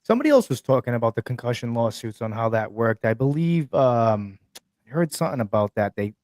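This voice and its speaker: Lively-voiced co-host chiming in. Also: male voice, mid-range voice, dry recording. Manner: quick interjections and agreements. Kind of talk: casual talk show chat.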